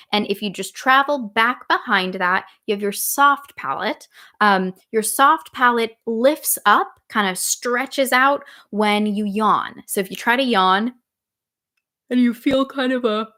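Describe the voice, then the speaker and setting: A woman singing coach teaching a live online lesson in a relaxed, explaining way, breaking into sung vowels to demonstrate. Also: medium pitch.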